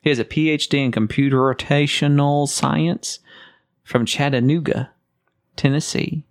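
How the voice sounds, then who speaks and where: A man's voice: fairly high pitch, steady tone, measured pace. A man co-hosting a podcast, reading listener messages aloud with dry, teasing banter. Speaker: podcast co-host. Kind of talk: casual banter.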